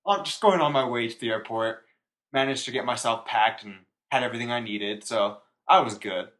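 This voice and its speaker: A man's voice: medium pitch, brisk, fairly bright tone. A young man co-hosting a podcast, telling a story in casual, rambling chat and laughing at himself. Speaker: podcast co-host.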